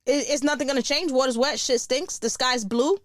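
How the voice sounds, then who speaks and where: A woman, hosting a podcast in a blunt, profane, animated casual monologue. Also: high voice, brisk, no room sound, studio quality. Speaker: podcast host.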